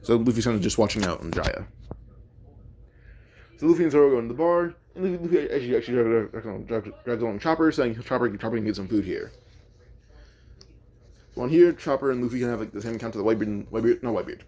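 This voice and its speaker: A man's voice: mid-range voice, quick pace, a little mellow. A man casually retelling a fan-made story, rambling and thinking aloud as he goes, often correcting himself.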